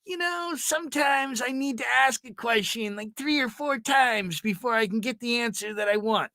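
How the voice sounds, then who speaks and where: A man doing an impression of an excitable older male radio host, talking in a high, gushing voice. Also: moderate pace, no echo, exaggerated voice. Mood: earnest.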